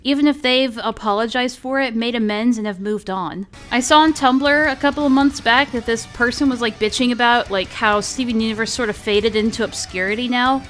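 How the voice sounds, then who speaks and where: A woman's voice: on the high side, steady tone, brisk, hardly any pauses, a bit bright, soft background music. A young woman doing a heated, sarcastic, profane ranting commentary on a cartoon.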